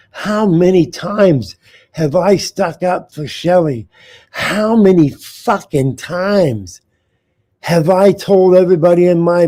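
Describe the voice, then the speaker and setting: A man hosting a live uncensored show, ranting with heavy swearing and calling out to viewers in the chat. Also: high-pitched. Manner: loud, profane, talks straight to the chat. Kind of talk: profane live-stream rant.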